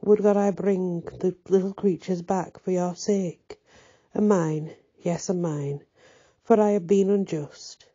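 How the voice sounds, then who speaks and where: Gentle old priest, soothing and tender, husky low tone, dull lo-fi sound, read by a woman. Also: steady tone, slow pace. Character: kindly old male village priest, gentle. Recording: dull lo-fi recording.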